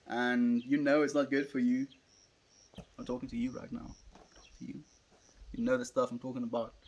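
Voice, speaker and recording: A young South African man, an Afrikaans speaker, chatting casually on a livestream and musing as he answers viewers. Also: mid-range voice.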